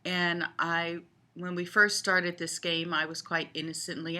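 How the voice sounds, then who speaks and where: Older woman, low-pitched, slow, thoughtful video blogger; easy, hesitant delivery with lots of ums. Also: fairly even intonation, sharp tone. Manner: unhurried, thoughtful, with frequent ums. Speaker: video blogger on child development. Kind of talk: casual talk to camera.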